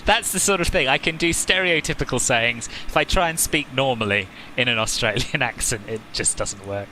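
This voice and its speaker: A man's voice: mid-range voice, lively intonation, normal speed, pushed and bright, slight background noise, rough recording. A man chatting casually as he streams a flight simulator session, joking with viewers and often laughing at himself. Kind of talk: casual live-stream commentary.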